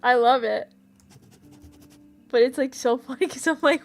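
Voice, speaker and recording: A woman's voice: high-pitched, a little slow. Giggly, chatty woman game streamer. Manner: giggly, chatty, reads game text aloud. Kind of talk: casual let's-play commentary. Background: faint background music.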